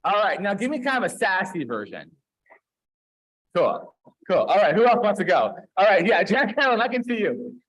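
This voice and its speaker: Playful male service leader with a strikingly high voice, coaxing the crowd into joining a story. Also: sing-song, a bit bright, low-quality recording. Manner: playful, encouraging, quick back-and-forth with the crowd. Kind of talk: leading a holiday service with a participatory story. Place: dim room at a congregation gathering.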